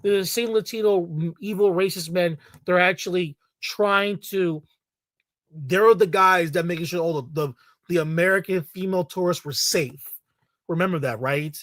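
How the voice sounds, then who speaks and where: A man rants bluntly in a vlog, swearing freely and getting heated. His voice sits a little high for a man. The sound is dry and close, with no room echo. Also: normal speed, a bit bright. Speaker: commentary vlogger. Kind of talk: ranting commentary.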